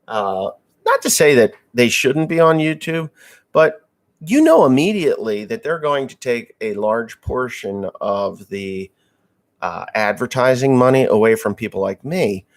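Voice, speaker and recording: A man's voice: mid-range voice, big pitch swings, unhurried. A man from Massachusetts, a farmer hosting a live stream, chatting casually and bluntly with crude jokes as he answers viewer messages.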